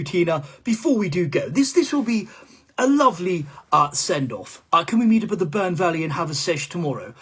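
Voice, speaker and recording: A man's voice: on the high side, a bit bright, breathy edge, full character voice. A man doing a stammering, sweary politician. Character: rambling foul-mouthed male politician impression. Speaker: comedian. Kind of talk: comic live-stream monologue.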